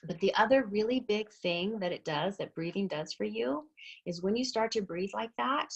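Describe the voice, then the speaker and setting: A woman in her thirties, a fitness instructor, giving a chatty, encouraging group talk and coaching listeners through deep breathing. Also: lively intonation, moderate pace, vocal fry, husky, muffled recording.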